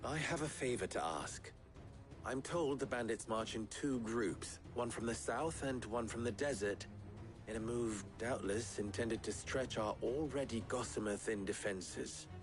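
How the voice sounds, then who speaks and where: An actor playing a commanding, wry middle-aged rebel leader, speaking in a measured, formal way in a video game. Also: male voice, mid-range voice, music in the background, close to an everyday voice. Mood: resolute.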